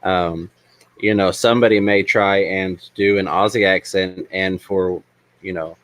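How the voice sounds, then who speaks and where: A man talking in a measured, agreeable way in a casual stream chat. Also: sits low, fairly even intonation, no room sound.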